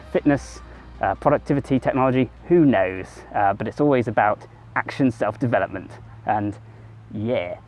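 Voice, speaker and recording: A male vlogger delivers a casual self-help monologue to camera, rambling conversationally and sometimes correcting himself mid-sentence. His voice is mid-range and a little mellow.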